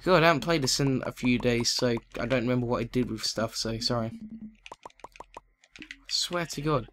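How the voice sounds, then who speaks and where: A man giving excitable let's play commentary, chatting to the animals in the game. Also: medium pitch, normal speed, slight background noise.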